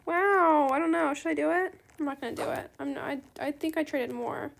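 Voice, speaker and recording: A woman hosting her gaming channel, chatting casually through gameplay commentary and bursting into excited squeals. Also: high voice, fairly quick, vocal fry, a little hiss or hum.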